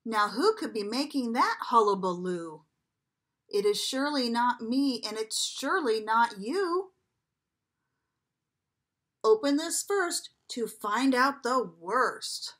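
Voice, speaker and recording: A preschool teacher reading a picture book aloud to young children, asking them coaxing questions and dropping now and then to a whisper. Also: female voice, fairly high pitch. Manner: animated, slow, coaxing questions to children, drops to a whisper at times.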